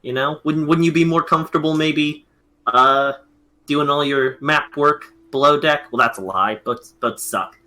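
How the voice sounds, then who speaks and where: Male tabletop player, high bright voice, rambling and jokey, many fillers. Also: measured pace. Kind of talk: casual tabletop game play.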